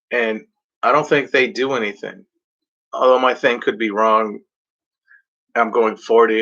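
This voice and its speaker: Bright-voiced man ranting casually. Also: mid-range voice, vocal fry. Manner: rambling, profane, mock-voices other drivers. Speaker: vlogger. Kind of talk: casual rambling vlog rant. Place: at home in front of a blanket backdrop. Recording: dull lo-fi home recording.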